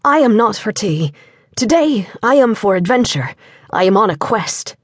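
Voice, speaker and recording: Earnest young miner, bashful and soft-spoken; voiced by a woman narrator. Dry, husky read. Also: mid-range voice, big pitch swings, normal speed, no echo. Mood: determined. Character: young Welsh coal miner, shy and earnest.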